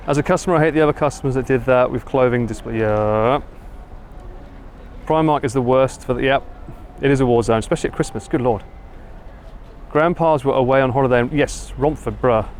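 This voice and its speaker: Walking through a city street, an English livestream host with an Essex accent chats with his audience, reading out their comments and replying. His pitch is ordinary middle range, and faint traffic and street sounds sit behind him.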